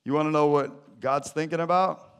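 A man preaching a sermon to his church, animated and jokey, with sudden loud bursts. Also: a little high, normal speed, smooth. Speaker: pastor.

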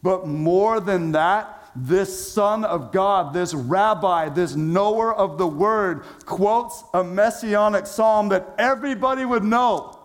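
A man preaching a sermon as pastor, casual and conversational with slang, swinging between loud emphasis and hushed low phrases. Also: takes it slowly.

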